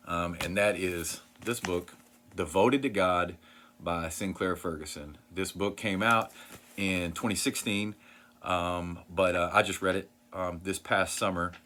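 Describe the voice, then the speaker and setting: Brief: low-voiced man, earnest video host, rambles a bit with lots of ums. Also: pushed and bright, a little hiss or hum. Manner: earnest, rambling, many fillers and restarts. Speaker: Christian vlogger sharing book recommendations. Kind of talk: casual talk to camera.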